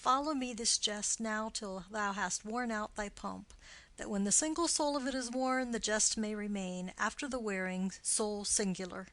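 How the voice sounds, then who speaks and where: A woman reading the part of a witty, mocking young male nobleman in an audiobook, with quick, playful, teasing delivery. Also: mid-range voice, a bit bright, lightly acted.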